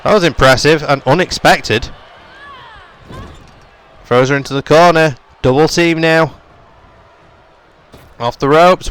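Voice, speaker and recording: A man's voice: fairly high pitch, a bit bright, clean tone. A young man giving running play-by-play commentary on a wrestling video game, his voice jumping up on the big moves. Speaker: gaming YouTuber.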